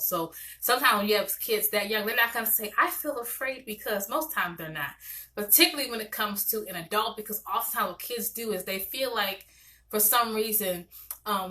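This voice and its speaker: Woman, therapist, bright and forward tone; chatty, animated teaching delivery with plenty of restarts. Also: mid-range voice. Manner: animated and conversational, with many restarts. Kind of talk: casual teaching talk to parents.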